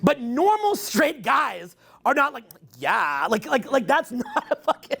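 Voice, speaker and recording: A man in his forties holding forth at a live event, his voice pitched high with a gravelly edge. He talks in wild swoops, crude and joking, sliding into mock voices and bursting into shouts. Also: very animated, measured pace. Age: 40s. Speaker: dating coach speaking to a live audience. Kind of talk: rambling stage talk. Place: event hall with an audience.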